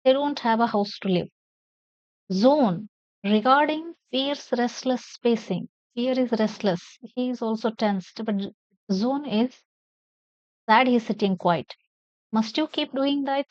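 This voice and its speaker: This is a woman, teaching a lesson from a play and putting each line into simpler words. Her voice sits a little high. The recording is dry and somewhat muffled. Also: takes it slowly, darkish tone, dry recording. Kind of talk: classroom lesson explaining a play. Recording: dull lo-fi sound.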